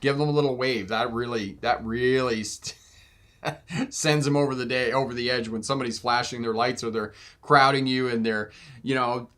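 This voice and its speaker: A talkative man runs a relaxed live question session as a driving instructor. His voice sits at an ordinary middle pitch, and he laughs often while acting out little exchanges in other voices. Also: normal speed. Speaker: driving instructor and channel host. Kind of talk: casual live viewer Q&A.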